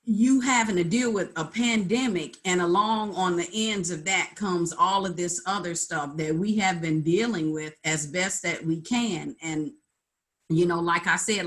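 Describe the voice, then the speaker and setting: A middle-aged woman on a video call, speaking in an earnest, tired, halting way. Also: on the low side, fairly bright tone. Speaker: call participant, artist. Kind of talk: candid group video call.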